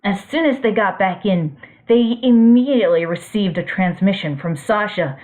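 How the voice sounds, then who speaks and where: A woman reading a fan-fiction story aloud in a plain, steady way. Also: mid-range voice, moderate pace. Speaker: story reader. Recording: tinny phone-like audio.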